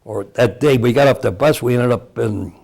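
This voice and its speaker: A man's voice: medium pitch, moderate pace, vocal fry, darkish tone. A man in his eighties from Cleveland, Ohio, a veteran telling his story in an oral history interview, rambling and chuckling often. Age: 80s.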